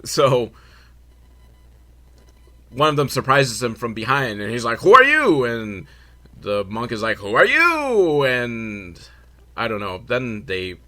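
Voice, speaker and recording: Animated, sarcastic male movie recapper. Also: lowish voice. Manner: sarcastic, swearing, laughing at himself. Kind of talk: comedic film recap.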